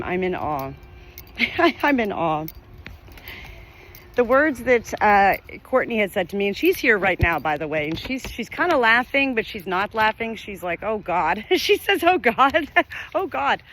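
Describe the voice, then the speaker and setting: Her fairly low, slightly bright voice carries a spiritual message straight to the camera. She's a middle-aged medium at home on her farm, talking sincerely but in a meandering way and repeating herself.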